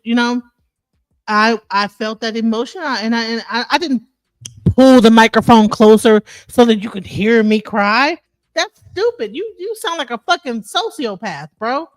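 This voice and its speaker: A woman's voice: fairly high pitch, no room sound. A woman on an online panel, indignant and insulting, often restarting her sentences. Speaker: panel participant. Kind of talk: heated online debate. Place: online audio space.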